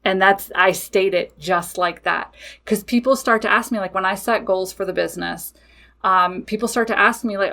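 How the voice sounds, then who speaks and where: A woman's voice: medium pitch, normal speed, sharp tone. A woman hosting a podcast in a casual monologue, talking in a blunt, matter-of-fact way, laughing and swearing freely. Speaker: podcast host and witchcraft business owner.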